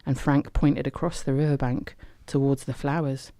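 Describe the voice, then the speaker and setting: Female storyteller, mellow and dry, gentle read-aloud for children. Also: rumbling low, normal speed, no room sound. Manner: gentle, expressive.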